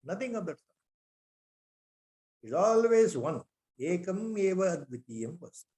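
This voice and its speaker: A man's voice: high voice, sing-song, normal speed, darkish tone. A man with an Indian English accent giving a spiritual lecture on scripture, repeating rhetorical questions and weaving in Sanskrit terms.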